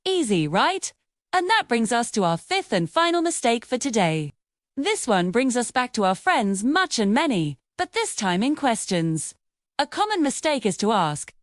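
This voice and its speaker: A woman narrating a scripted English lesson, explaining grammar clearly and patiently with sing-song emphasis. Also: fairly high pitch, no echo, studio quality. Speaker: English teacher.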